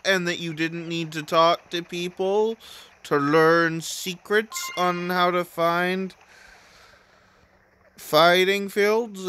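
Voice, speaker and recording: A man's voice: a little high, bright, forceful tone, clear, resonant tone, no room sound. A man casually commenting as he plays a video game, rambling and often restarting his sentences. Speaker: let's play host.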